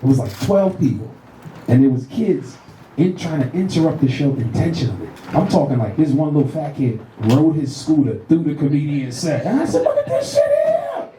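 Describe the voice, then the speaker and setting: A middle-aged man from the Bronx with a New York accent, doing a loud, profane stand-up set with shrill put-on voices. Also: animated, normal speed, slight background noise. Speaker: stand-up comedian. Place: comedy club stage. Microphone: handheld stage mic. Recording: roomy club sound from a distant mic. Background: audience laughter.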